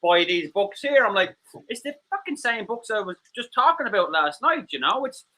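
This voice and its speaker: An Irish man co-hosting a casual livestream chat, excitable, swearing and laughing often. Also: high voice, moderate pace. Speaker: co-host.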